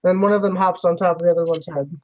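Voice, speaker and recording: A man's voice: high-pitched, fairly even intonation, racing, rough recording. Rambling man running a tabletop game. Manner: loose, rambling narration with many fillers. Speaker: game master.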